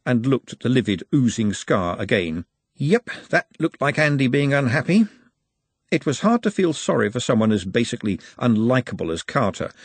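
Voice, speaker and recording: A man narrating a comic novel as an audiobook in an expressive, wry storytelling manner. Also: medium pitch, breathy edge, no room sound.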